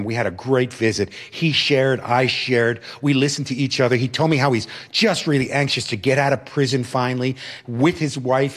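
A man and former teacher telling a personal story in an animated, expressive way. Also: medium pitch. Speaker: former teacher and religious brother.

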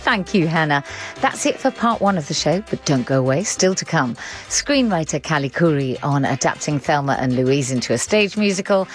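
A woman hosting a radio arts show, brisk, playful and conversational. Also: deep voice, lively intonation, soft background music. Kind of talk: broadcast radio presenting.

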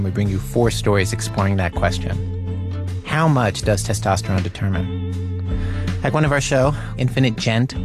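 Radio host guy, wry measured narration, mid pitch, guitar music playing under him.

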